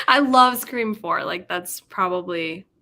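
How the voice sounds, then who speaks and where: Her voice is medium-pitched, pushed and bright. The young woman hosts a casual livestream, where she laughs frequently, rambles as she chats, and reads out what people post in the chat.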